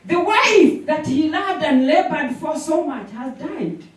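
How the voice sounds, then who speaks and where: A woman preaching a sermon, animated, with repetition and call-and-response. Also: high-pitched, slow. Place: church sanctuary. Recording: echoey hall from a distance.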